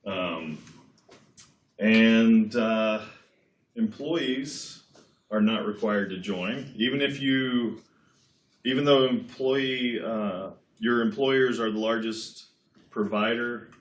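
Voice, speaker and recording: Man, lower voice, relaxed lecturer, rambling asides, checks in with "right?", roomy classroom sound. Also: slow, pauses often. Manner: chatty and digressive, often checking in with "right?". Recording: echoey classroom.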